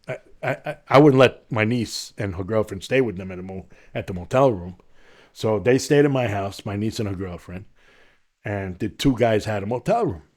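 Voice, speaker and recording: A middle-aged man from Long Island with a New York accent, telling his story as a podcast guest and acting out the voices of the people in it. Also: on the low side. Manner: animated, acts out quoted voices in his story. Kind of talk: storytelling in an interview.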